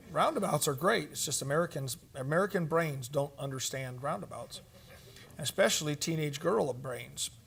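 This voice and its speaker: A man's voice: medium pitch, gravelly. A man giving a church conference teaching, telling stories in a conversational way with fillers and asides. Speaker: conference speaker.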